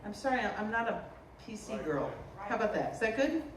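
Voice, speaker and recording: A woman from the Boston area, a potter giving a humorous artist talk, telling stories in an animated, joking way. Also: medium pitch, a little fast. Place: lecture room at a festival. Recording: roomy, distant mic, faint noise.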